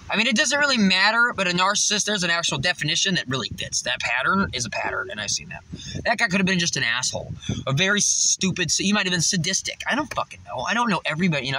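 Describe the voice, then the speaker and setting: A man's voice: sits high, bright, forceful tone, slight background noise, low-quality recording. A man vlogging from a parked car, ranting bluntly and swearing constantly. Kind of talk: profane ranting monologue. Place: parked car in a parking lot.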